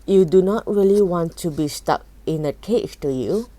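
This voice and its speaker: A jumpy young fairy girl speaks in a storybook reading, as a woman reads her. The tone is low and soft, with a slow pace. The recording is close and dry. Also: no room sound, natural voice. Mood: reassuring.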